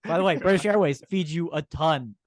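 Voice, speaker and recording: A man co-hosting a podcast in casual chat, a relaxed storyteller who laughs often. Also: on the high side, fairly quick, no echo, studio quality. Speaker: podcast co-host.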